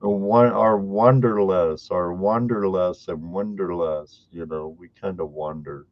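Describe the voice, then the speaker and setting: A man's voice: low voice, fairly even intonation, no echo, dull audio. A man from Washington state, a prospector guest, telling rambling stories in a casual chat. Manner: slow rambling storyteller.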